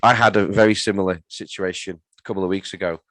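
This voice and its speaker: A low-pitched man describes DJ gigs in a dry, matter-of-fact way. The recording is close, with no room sound. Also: fairly even intonation, fast, fairly bright tone, no echo. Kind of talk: casual podcast chat.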